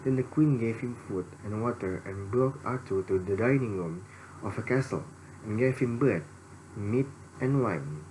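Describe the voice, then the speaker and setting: A man's voice: fairly low pitch, animated, darkish tone, low-quality recording. A young man giving a student presentation, reading his notes with frequent fillers and false starts. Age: young adult. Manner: halting, many fillers and restarts. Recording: faint background noise.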